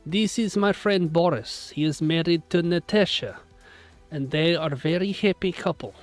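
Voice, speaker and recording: A man's voice: on the high side, moderate pace, faint music behind, lightly acted. A man putting on a comic Russian pink-beard guy. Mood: mock-serious. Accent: mock Russian. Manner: broken English, comic deadpan delivery.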